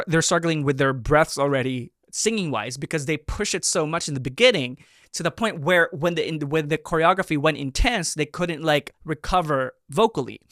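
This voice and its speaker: A man in his thirties hosting a reaction video, giving casual and animated commentary with excited exclamations. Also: a little high, no room sound, studio quality. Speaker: reaction video host, performer.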